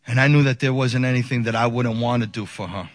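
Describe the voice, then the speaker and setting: A man in his forties, a pastor telling a personal story in a sermon, animated and laughing often as he acts out the people in it. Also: medium pitch, fast, no echo, clean studio sound.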